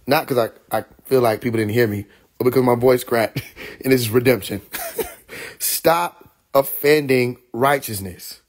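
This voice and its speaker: Young man with a husky voice hosting a casual live stream, animated and quick to laugh. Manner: animated, laughs often, mimics others in higher voice.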